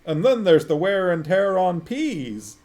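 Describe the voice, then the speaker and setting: A man's voice: high-pitched, sing-song, unhurried, darkish tone, pitched above the performer's own voice. A man voicing a pompous pipe-smoking monarchist who lectures in a ponderous, stolid way. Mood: lecturing.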